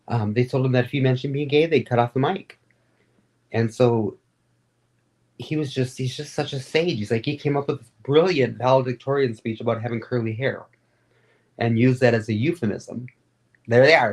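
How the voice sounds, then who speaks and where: A woman being interviewed, telling stories in a rambling, animated and candid way, with frequent fillers. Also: rumbling low, normal speed. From Florida. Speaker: guest, advocate and radio host. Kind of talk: casual interview storytelling.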